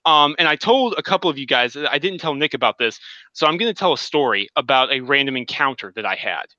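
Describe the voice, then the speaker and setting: A man with a bright, forward voice chats eagerly on a gaming podcast, recounting a story in animated detail. The sound is dry and a little dull, like online call audio. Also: mid-range voice, fast talker, no echo. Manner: enthusiastic, animated storytelling with acted quotes. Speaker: podcast co-host. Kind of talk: casual gaming podcast chat.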